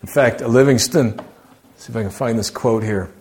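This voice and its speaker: A man preaches a sermon conversationally at normal speed, his voice a little mellow. He poses rhetorical questions and often drops his voice low to stress a point.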